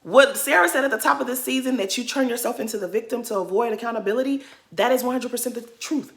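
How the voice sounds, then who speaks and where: A woman's voice: on the high side, fast. A woman giving an emphatic, indignant commentary rant, hammering her points home by repeating them. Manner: acts out quotes in mocking voices. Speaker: reality TV commentary vlogger. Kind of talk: casual ranting commentary.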